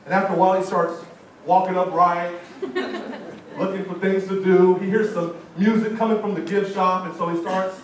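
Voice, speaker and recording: High-pitched male motivational speaker, lively storyteller, distant and echoey in a large hall. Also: fairly quick. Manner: animated storytelling with audience call-outs. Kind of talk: live motivational speech. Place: large college event hall.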